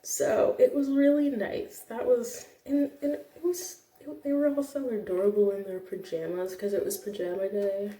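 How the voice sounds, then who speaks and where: Recorded from a distance in an echoey room, this young computer teacher talks in a casual vlog style, gushing and restarting often. Her medium-pitched voice is dark and steady, moving at a moderate pace with hardly any pauses.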